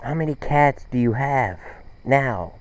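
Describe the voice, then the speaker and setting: A man voicing an exasperated schoolteacher quizzing a pupil, slow and patient. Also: mid-range voice, animated, dull audio, lightly acted.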